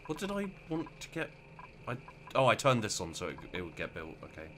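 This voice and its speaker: Man, lower voice, swooping lively delivery, rambling gameplay commentary, noisy home recording. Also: brisk. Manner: rambling, self-mocking, talks to himself while playing. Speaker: let's play gamer.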